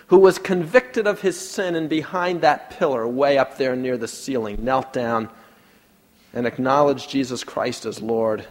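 A man preaching a sermon, leading a prayer and telling a story, swinging from loud to hushed. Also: mid-range voice. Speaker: pastor. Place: church sanctuary. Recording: long reverb of a large hall.

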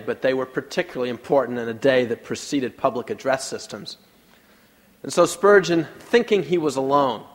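A man preaching a sermon, leading a prayer and telling a story, swinging from loud to hushed. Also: mid-range voice. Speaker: pastor. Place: church sanctuary. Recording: long reverb of a large hall.

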